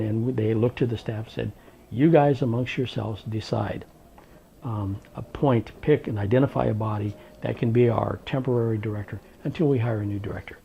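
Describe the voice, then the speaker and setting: Older man, oral history interviewee, gravelly voice, brings quoted dialogue to life; muffled lo-fi tape. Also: medium pitch, moderate pace, slight background noise. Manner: animated storyteller, acting out quoted dialogue. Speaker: interviewee recounting his work history. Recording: dull lo-fi recording.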